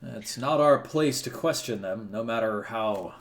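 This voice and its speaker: A man voicing a weary, loyal earl who speaks in a measured, resigned way. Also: mid-range voice, lightly acted. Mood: grim.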